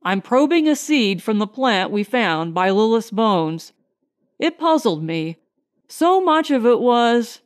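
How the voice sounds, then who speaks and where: A woman's voice: on the high side, sing-song, slow. A woman narrator voicing a grim, tense male starship scientist in a clipped way.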